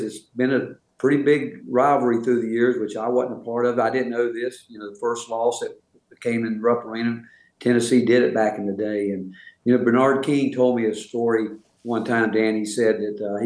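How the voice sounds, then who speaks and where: An older man with a Southern American accent, a college basketball coach answering interview questions in a folksy, measured way. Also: medium pitch, steady tone, darkish tone, echoey room, rough recording. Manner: folksy, measured, with filler words.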